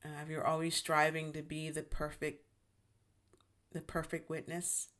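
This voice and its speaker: A woman hosting her own channel, talking in a gentle, reflective monologue about healing, with frequent restarts as she searches for words. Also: low-pitched, monotone, measured pace. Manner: gentle, self-reassuring, many restarts. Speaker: YouTube channel host.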